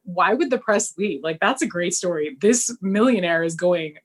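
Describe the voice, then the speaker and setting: A young woman chatting casually as a podcast co-host, retelling a TV episode. Her voice swings widely in pitch as she acts out the characters' lines. She talks with lots of energy. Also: lively intonation, normal speed, slightly rough. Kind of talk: casual chat recapping a TV episode.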